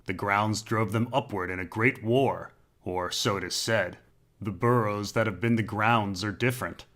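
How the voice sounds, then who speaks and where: A man voicing a stern, grim knight who speaks in a measured way. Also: lowish voice, fairly bright tone, close to an everyday voice.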